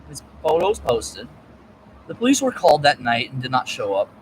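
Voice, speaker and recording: A man's voice: mid-range voice, big pitch swings, normal speed, rough recording. Muttering man with road noise behind. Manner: erratic, profane, jumps between topics. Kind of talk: rambling solo monologue.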